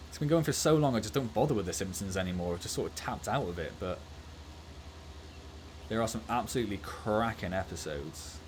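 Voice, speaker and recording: A man's voice: lowish voice, animated, brisk, a little mellow, a little hiss or hum. A man streaming a farming game and chatting casually and jokily, laughing easily. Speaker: gaming streamer. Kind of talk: casual livestream gameplay chat.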